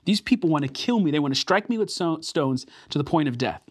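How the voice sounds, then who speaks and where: A man teaching a sermon through scripture, earnest and emphatic, slowing down to stress key words. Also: a little high, lively intonation, no echo, clean studio sound.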